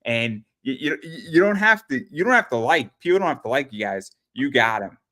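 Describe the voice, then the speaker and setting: A man's voice: mid-range voice, expressive, moderate pace, bright, forceful tone. A man hosting a casual talk show, rambling and swearing, often repeating his words. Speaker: podcast host. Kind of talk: casual chat.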